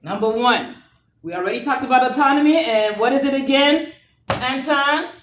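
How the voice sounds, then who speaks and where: A woman's voice: high voice, animated, moderate pace, fairly bright tone. A woman teaching a nursing class, lecturing and teasing her students in a playful way. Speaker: nursing instructor. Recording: echoey classroom from far off, faint noise.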